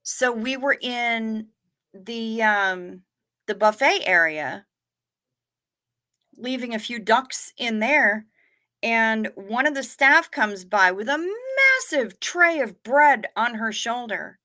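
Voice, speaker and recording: A woman chats unhurriedly on her livestream, her voice pitched a touch high and sharp-edged. She swears freely and talks back to her viewers. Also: expressive, slow pace. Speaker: livestream host. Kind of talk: casual livestream chat.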